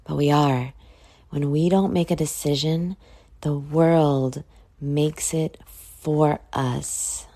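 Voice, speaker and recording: In her own casual podcast, a drowsy woman yawns, rambles and offers motivation, with the odd swear word. Her voice is low and warm, slow-paced, with fairly even intonation.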